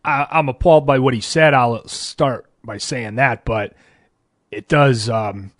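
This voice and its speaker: A young man hosting a sports podcast in a small studio, opening with radio-style lines and replying in a measured, agreeable way. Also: mid-range voice, dry recording. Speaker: host. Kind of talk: casual sports talk.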